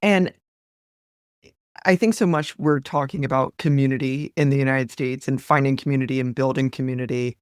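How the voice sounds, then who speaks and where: A woman's voice: extremely low pitch, steady tone, moderate pace, smooth, no echo, clean studio sound. A woman hosting a podcast interview, affirming her guest and asking long, thoughtful questions. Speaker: podcast host.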